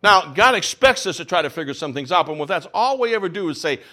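A man in his fifties delivers a sermon with animated storytelling, acting out the voices of the people in his stories. His voice is bright and forceful. He sits a touch high for a man and swings widely in pitch. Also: quick pace. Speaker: pastor.

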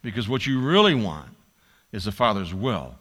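A man's voice: on the low side, big pitch swings, normal speed, a bit bright. A male pastor preaching a sermon, acting out a pleading prayer with drama and repeating his key lines for emphasis.

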